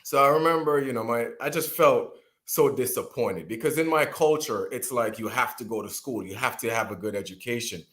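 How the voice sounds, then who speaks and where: A man in his thirties, from Jamaica, tells a long personal story. He is animated and speaks in a middle pitch, often restarting his sentences and acting out the voices of the people in it. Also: fairly quick, few pauses. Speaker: guest speaker.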